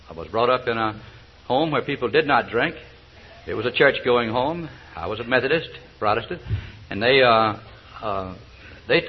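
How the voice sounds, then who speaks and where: Speaking in a husky mid-range voice, an older South Georgia man tells folksy, humorous stories as his testimony at a recovery meeting, with chuckles and hesitant fillers. It comes from a dull old lo-fi recording.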